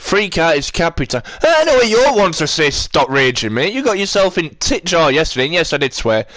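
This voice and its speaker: A man's voice: on the high side, sing-song, a little fast, a bit bright, dry recording. A man chatting on a live stream, rambling and ranting as he answers his chat.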